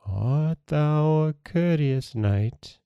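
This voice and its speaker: A ghostly maiden from an old folktale, hollow and solemn in her old-fashioned speech, put on by a man reading the story. The voice sits well above his own natural pitch. It is dry and close, with no room around it. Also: expressive, very slow, warm tone, smooth, dry recording, highs cut off, heavily acted. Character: grey ghost turned maiden, a young woman.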